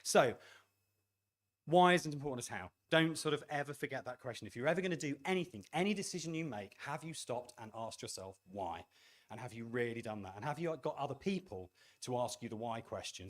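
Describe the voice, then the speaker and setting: A middle-aged man speaks at a conference with a voice of ordinary middle pitch. He is animated and self-deprecating, and he acts out the remarks he quotes. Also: brisk. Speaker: game studio leader giving a talk. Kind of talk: conference talk to an audience.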